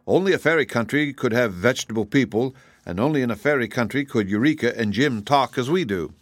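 A man's voice: mid-range voice, lively intonation, no echo, natural voice. A man voicing a sensible young girl who answers promptly and earnestly in an audiobook reading. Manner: brisk, earnest.

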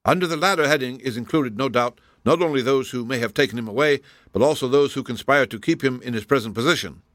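A man voicing a cold, precise male detective in an audiobook, measured and inexorable. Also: mid-range voice, a bit bright, no echo, clean studio sound, natural voice. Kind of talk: audiobook character voice.

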